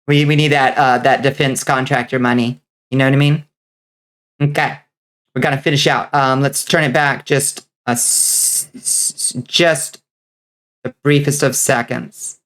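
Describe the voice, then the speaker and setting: A woman's voice: extremely low pitch, steady tone, a little slow. Chatty joking woman streamer. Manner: chatty, joking, answers viewer chat; laughs often. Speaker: vtuber streamer. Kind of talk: casual live-stream chat.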